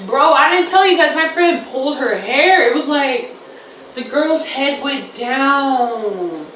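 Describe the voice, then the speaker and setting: A young woman in her twenties telling a storytime on camera in an animated, slangy way, acting out voices in quotes. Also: high-pitched, slow pace, a little hiss or hum. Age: 20s. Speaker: vlogger. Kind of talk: casual storytime. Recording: echoey room, distant mic.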